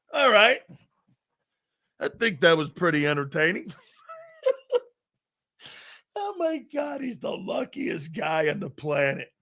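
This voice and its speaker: A man's voice: fairly high pitch, pushed and bright. A man hosting a live sports talk show, boisterous and laughing often as he tells anecdotes.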